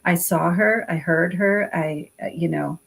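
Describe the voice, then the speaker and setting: A woman's voice: on the low side, measured pace, gravelly, slightly rough. A middle-aged woman on a panel telling candid personal stories in a casual way.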